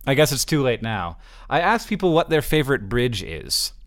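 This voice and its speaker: Halting, chuckling man co-hosting a podcast. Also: mid-range voice, big pitch swings, fairly bright tone. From Florida. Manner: halting, many restarts, quick chuckles. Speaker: podcast co-host. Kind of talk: casual podcast chat.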